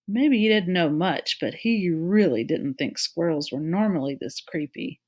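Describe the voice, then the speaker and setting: A woman reading a children's novel aloud, narrating in a clear, steady storytelling manner. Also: sits low, normal speed. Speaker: reader.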